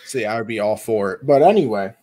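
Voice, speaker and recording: A young man co-hosting a casual sports chat, telling animated stories and acting out the people in them. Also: fairly low pitch, quick pace. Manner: animated storyteller, acts out quotes. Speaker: podcast co-host.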